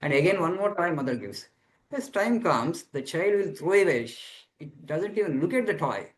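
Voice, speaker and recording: A man's voice: a little high, animated, normal speed, low-quality recording. A man, a monk, giving a spiritual teaching talk to students over a video call, explaining earnestly and repeating phrases as he searches for words. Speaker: monk answering students' questions.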